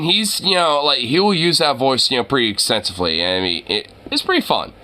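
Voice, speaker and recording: A man's voice: mid-range voice, expressive, fairly quick, few pauses, bright, forceful tone. A man hosting a reaction video, giving casual rambling commentary full of swearing and fillers like "you know" and "like".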